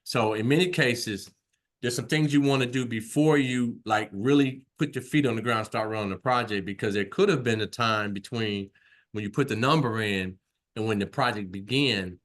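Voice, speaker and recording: A man's voice: fairly low pitch, moderate pace. A man teaching an online class in a conversational way, repeating himself and often checking in with "right?". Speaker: instructor.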